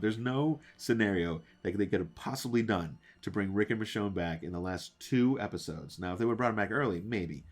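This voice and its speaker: A man with a deep, low voice rants casually to his viewers about a show. He rambles, stumbles over restarts and fills gaps with "uh" and "um". He keeps throwing questions straight at the audience. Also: brisk, few pauses. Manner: rambling, with many fillers and restarts; talks to viewers directly, asking questions. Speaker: show reviewer and channel host. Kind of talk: casual ranting episode review.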